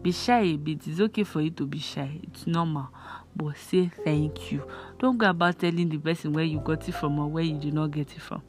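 A woman's voice: quick pace, hardly any pauses, faint music behind. A young woman from Nigeria with a Nigerian accent, hosting a casual advice talk and chatting earnestly while she acts out short everyday exchanges. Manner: chatty, earnest, acts out little dialogues in a higher voice. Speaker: host.

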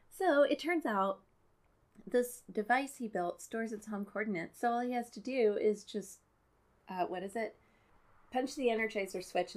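A woman recapping a film in a loose, chatty way, her voice at an ordinary middle pitch. She sounds exasperated and sarcastic, picking apart every scene. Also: a little mellow. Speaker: movie recap commentator. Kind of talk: casual movie commentary.

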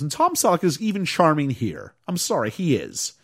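A man chatting through a film recap with a slightly high voice that swoops all over as he tells it. He throws himself into the characters' lines, jumping up into sudden raised voices. Loose, casual podcast talk. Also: brisk. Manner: animated storytelling, acts out quotes in raised voices. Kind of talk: casual movie recap chat.

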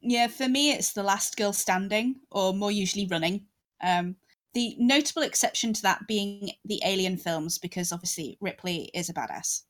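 A woman co-hosting a casual chat, relaxed and wry, laughing along with her partner. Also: medium pitch, normal speed.

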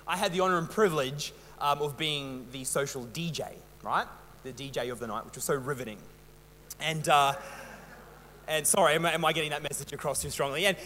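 A man's voice: a little high, pushed and bright, in a large hall, a little hiss or hum. A young Australian man preaching a sermon in a chatty, rambling, self-mocking way, full of fillers. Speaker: pastor. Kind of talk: casual storytelling sermon.

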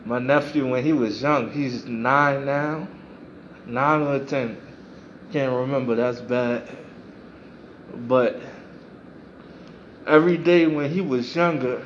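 A man's voice: mid-range voice, highs cut off, a little hiss or hum. A man hosting a podcast, giving a reflective motivational monologue and repeating phrases for emphasis. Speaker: podcast host.

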